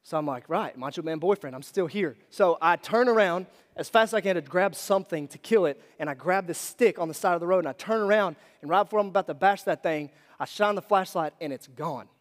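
A male pastor in his thirties preaching a sermon, telling a personal story in a conversational, animated way with asides to the congregation. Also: sits high, brisk, hardly any pauses. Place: church hall. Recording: long hall reverb.

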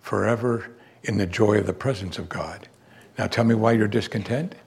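A man preaching a sermon, emphatic and animated, asking the congregation rhetorical questions. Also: lowish voice, normal speed, vocal fry, slightly rough. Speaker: pastor.

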